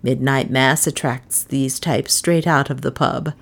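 A woman's voice: a bass voice, steady tone, a little slow, creaky, heavily acted. A woman voicing a sly, mischievous older man who plays innocent. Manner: innocent, teasing.

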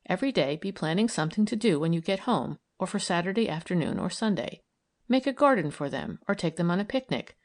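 A woman voicing a brisk, kindly woman parole officer who talks firmly and encouragingly. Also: lowish voice, very animated. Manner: firm, crisp and encouraging.

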